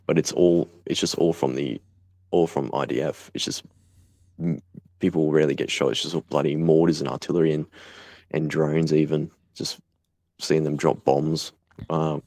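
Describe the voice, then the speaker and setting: A young Australian man speaking bluntly in an interview, swearing freely and pausing often with fillers. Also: extremely low pitch, dark tone, dry recording. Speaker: guest, volunteer fighter. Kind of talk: casual conversational interview.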